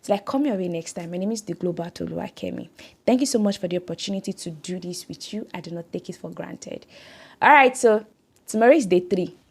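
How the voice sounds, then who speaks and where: A woman's voice: on the low side, brisk, breathy edge. A woman hosting a devotional podcast, speaking in an earnest, exhorting way and repeating phrases for emphasis. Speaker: podcast host.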